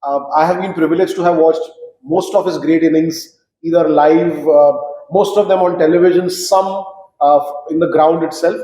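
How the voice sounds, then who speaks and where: A man's voice: fairly high pitch, moderate pace, slight background noise. Man reminiscing in an echoey room. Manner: animated storyteller, frequent fillers. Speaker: cricket guest recalling matches. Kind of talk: reminiscing conversation. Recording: roomy echo.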